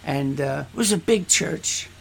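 Blunt gravelly-voiced male pastor. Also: a little high, lively intonation, measured pace. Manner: blunt and frank, acts out quoted voices. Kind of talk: casual talk about church life. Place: church in the Philippines.

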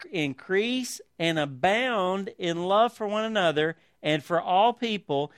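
A man's voice: sits high, no room sound, clean studio sound. A man preaching a sermon as pastor, reading scripture aloud with emphasis and pressing points with rhetorical tag questions.

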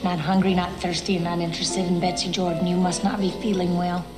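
Actress as a dry, teasing woman with a lowish voice, echoey with music. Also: level tone, fast talker, lightly acted. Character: wry woman teasing her partner.

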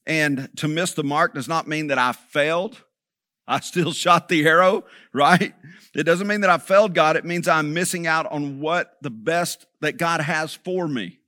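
Preacher guy, kinda high voice, dry sound, chatty sermon style with lots of "right?". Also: unhurried, bright, forceful tone, no room sound. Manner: conversational preaching, checks in with "right?". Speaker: pastor.

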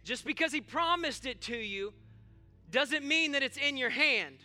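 High-voiced, bright male preacher. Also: lively intonation, measured pace, soft background music. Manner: conversational preaching, rising to emphatic. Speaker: pastor. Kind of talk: sermon.

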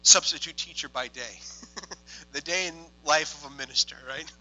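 A young adult man, a minister telling testimony stories in an excitable way, moving from hushed tones to loud exclamations. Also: a little high, moderate pace, faint music behind, low-quality recording. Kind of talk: testimony storytelling.

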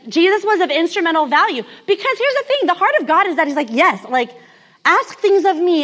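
A woman's voice: high voice, fairly bright tone. A woman in her thirties from California giving a candid, conversational sermon told as a personal story, with many casual fillers. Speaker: speaker.

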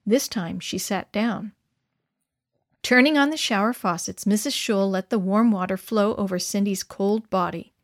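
Brief: female children's storyteller, gentle and clear, mid pitch, dry close mic. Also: unhurried, no echo. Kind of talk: reading a children's story aloud.

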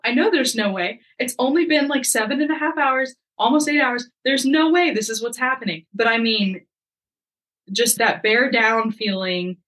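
A young woman, a podcast guest, telling a story in a lively, casual way and acting out the lines of the people in it. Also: a little high, low-quality recording. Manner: lively, acts out quoted dialogue.

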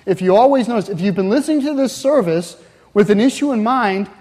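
High-voiced man preaching in a reverberant church. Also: lively intonation, a little fast, darkish tone. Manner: conversational preaching with frequent "right?" asides. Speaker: pastor. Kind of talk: sermon. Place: church sanctuary. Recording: long hall reverb.

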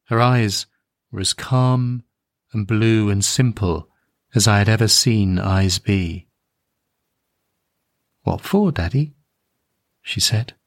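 Slow, tender male storyteller. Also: on the low side, steady tone, dry recording, studio quality. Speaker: narrator. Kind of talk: first-person audiobook narration.

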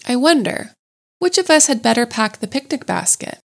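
A cheerful male water rat from a storybook, hearty and brisk as he chats with friends, acted by a woman reading aloud. His voice is a touch brighter than a plain reading voice. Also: fairly high pitch, big pitch swings, gravelly, pitched above the performer's own voice, heavily acted. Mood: chatty.

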